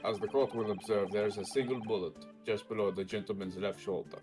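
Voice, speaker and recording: A man reading the lines of a cold, haughty male aristocratic prosecutor in a formal, measured courtroom manner. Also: lowish voice, fairly even intonation, music in the background, lightly acted.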